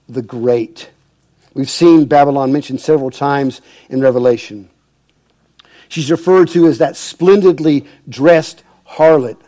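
A man's voice: on the high side, mellow. A male pastor reading scripture and preaching a sermon, stressing key words with emphasis.

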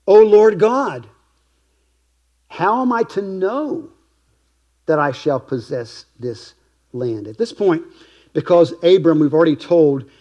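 A man preaching a sermon as pastor, earnest, slowing down to stress key phrases and sometimes dropping to a hush. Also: a little high. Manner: earnest preaching, slow emphatic stresses, softening to a hush at times.

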